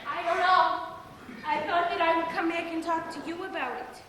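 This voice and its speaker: A woman playing a very high, childlike grown daughter. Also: fairly even intonation, normal speed, sharp tone, a little hiss or hum. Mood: pleading. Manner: pleading, earnest, childlike. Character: childlike, emotionally fragile adult daughter. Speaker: stage actor. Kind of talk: live stage play. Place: theater stage. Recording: reverberant theater from far off.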